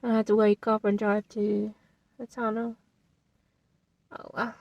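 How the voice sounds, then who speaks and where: A woman's voice: mid-range voice, flat delivery, moderate pace, creaky, a little mellow, dry recording, dull audio. A woman chatting casually in her vlog, saying "like" a lot and laughing often, recorded in her vehicle. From England. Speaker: vlogger. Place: in a car or van. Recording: distant mic with background noise.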